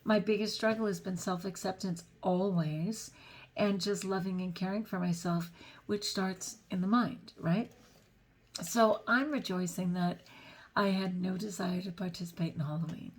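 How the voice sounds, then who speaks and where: A woman's voice: medium pitch, steady tone, a little slow. A middle-aged woman talking through a personal vlog in a chatty, self-deprecating and earnest way, often laughing between thoughts. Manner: earnest, faith-filled reflection. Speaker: vlogger.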